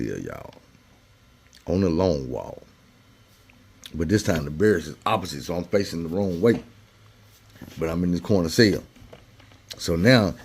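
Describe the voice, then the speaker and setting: In a fairly low, darkish voice, a man shares a personal tale using relaxed, slangy everyday speech. It stays conversational, and he acts out the voices of the people in his story.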